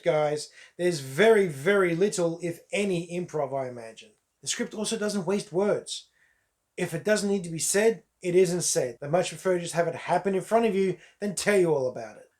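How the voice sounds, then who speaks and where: A man, chatting through a casual solo film review to his viewers, emphatic and repeating words for stress. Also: sits high. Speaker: movie reviewer.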